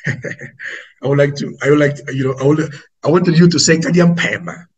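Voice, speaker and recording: Raspy Angolan man preaching emphatically. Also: on the high side, moderate pace, muffled recording. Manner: emphatic, repetitive, addresses listeners as family. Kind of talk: preaching to an online audience.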